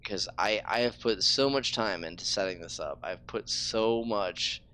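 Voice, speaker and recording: A man's voice: on the low side, unhurried, sharp tone, clear, resonant tone. A man streaming a game live, ranting in frustration and swearing freely. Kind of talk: casual live-stream talk.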